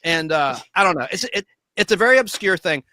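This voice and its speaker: A man's voice: high-pitched, animated, quick pace, pushed and bright. A man co-hosting a casual podcast chat, rambling with film-buff enthusiasm over a video call.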